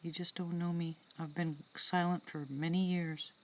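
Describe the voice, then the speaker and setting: A woman with a low voice hosts a casual live-stream at night in the woods, talking to her viewers through a phone. She speaks softly and warmly, dropping into hushed whispers, chatty and open-hearted. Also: little pitch movement, moderate pace. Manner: soft-spoken, drops into whispers, chatty and heartfelt.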